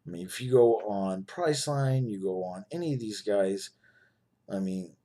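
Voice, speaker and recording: Husky-voiced man giving a persuasive sales pitch. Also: lively intonation, moderate pace, warm tone. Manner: persuasive, repeats "right?" and "you know". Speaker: network marketing promoter. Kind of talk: casual sales pitch to camera.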